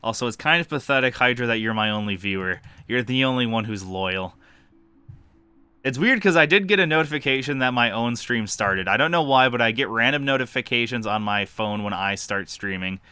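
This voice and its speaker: Man, game streamer, casual commentary, joking, crisp clear voice, bright tone. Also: medium pitch, animated, brisk, no echo. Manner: joking, self-deprecating, chatty. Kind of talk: casual let's-play commentary.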